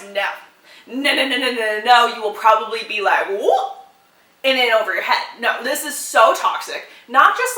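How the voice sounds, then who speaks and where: A young woman chatting casually and excitedly about books to her followers, quick to laugh and half-sing song lyrics. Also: on the high side, roomy sound. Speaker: book content creator. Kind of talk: casual chatty book recommendations.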